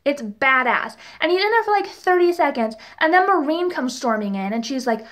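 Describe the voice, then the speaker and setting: Young woman, high voice, casual review vlog, chatty, gushing, exasperated asides. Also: animated, normal speed, hardly any pauses, a bit bright. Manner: chatty and gushing, full of "like" fillers, exasperated rhetorical questions. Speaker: TV and book reviewer.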